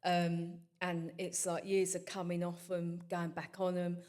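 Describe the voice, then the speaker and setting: A woman's voice: on the low side, completely flat delivery, a little slow, a little mellow. A woman talking candidly and bluntly as a talk show guest. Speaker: guest, local DJ. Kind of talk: casual chat.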